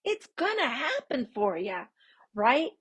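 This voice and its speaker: A woman hosting a casual live-stream talk for her viewers as a parenting coach. She speaks warmly and expressively, with upbeat swoops in her voice and frequent laughs. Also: high voice, sing-song, takes it slowly, husky. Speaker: podcast host and parenting coach.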